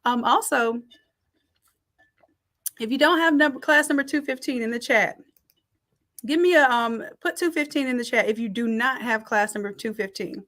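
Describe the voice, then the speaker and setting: A middle-aged woman teaching a design class on a live stream, reading out the chat and warmly thanking people by name. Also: on the high side, normal speed, long pauses. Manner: warm, effusive thanks and shout-outs.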